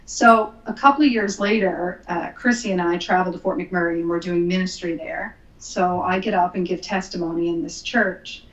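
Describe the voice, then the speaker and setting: A woman's voice: on the low side, steady tone, normal speed, few pauses. Canadian woman guest on a podcast, earnest story, um-heavy, kinda echoey lo-fi audio. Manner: earnest storytelling with many ums. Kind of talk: casual interview, telling her testimony.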